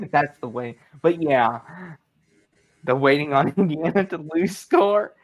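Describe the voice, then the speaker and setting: A man's voice: a little high, animated, takes it slowly. A young man co-hosting a casual sports livestream, teasing his friends and laughing as he talks. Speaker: co-host.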